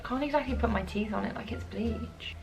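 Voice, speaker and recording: A young woman vlogging casually to camera from home, chatty, excitable and self-mocking. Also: a little high, brisk, vocal fry. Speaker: beauty vlogger. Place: at home during lockdown.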